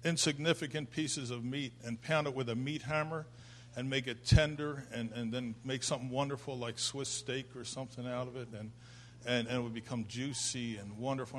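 An older man speaking at a church service, halting and emotional, rising to fervent exclamations. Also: mid-range voice, fairly bright tone, a little hiss or hum. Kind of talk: informal sermon.

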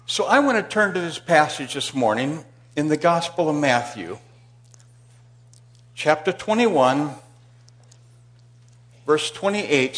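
A male pastor preaching a sermon in a church, telling a Bible story and swinging from loud emphasis to hushed asides. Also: a little high.

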